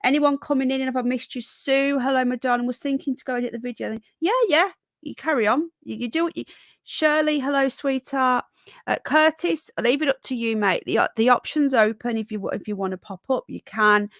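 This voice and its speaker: A woman hosting a casual live stream, a bit croaky, chatting and greeting viewers by name with endearments like darling and sweetheart. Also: high-pitched, a little fast, a bit bright, no room sound, clean studio sound. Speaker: livestream host.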